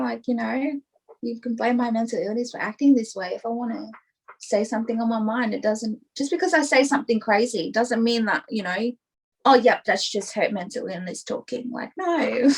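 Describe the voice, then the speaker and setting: Her voice is a little high and gravelly, captured in poor audio. She's a young adult woman guesting on a podcast, chatting openly in a casual interview and filling her rambling talk with "like" and "you know."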